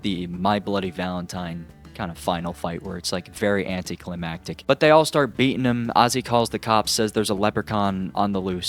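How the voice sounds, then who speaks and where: A man recapping a film in a casual, exasperated and sarcastic way, often pausing to ask "okay?". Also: fairly low pitch, fairly bright tone. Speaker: movie reviewer.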